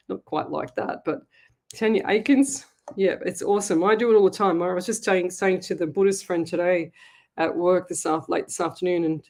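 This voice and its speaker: An Australian woman hosts a live psychic call-in show. She talks in a chatty, animated way and slips easily into personal stories. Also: lowish voice, brisk. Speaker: psychic medium host.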